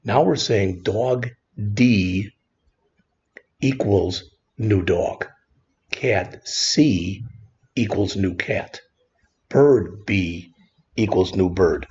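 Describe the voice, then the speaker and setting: A man teaching a screen-recorded programming lesson in a relaxed, conversational way, often saying "all right". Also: lowish voice, drawn-out words, long pauses, breathy edge, lo-fi sound. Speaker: programming instructor.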